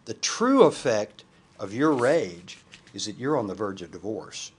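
Guy reading a chill faith-based counselor, asks gentle pointed questions, husky voice. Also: on the low side, measured pace, exaggerated voice. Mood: calm probing. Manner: calm, gently probing. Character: calm, probing Christian marriage counselor.

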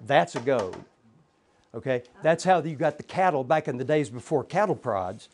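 A man's voice: mid-range voice, expressive, normal speed, a little mellow. A middle-aged man teaching a church Bible class, emphatic, repeating points and asking rhetorical questions.

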